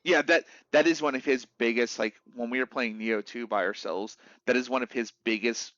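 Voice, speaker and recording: Animated young man telling game stories. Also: medium pitch, fairly quick, no echo. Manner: animated storyteller, acts out quotes in voices. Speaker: streamer. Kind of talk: casual chat about a video game. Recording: dull lo-fi dry mic.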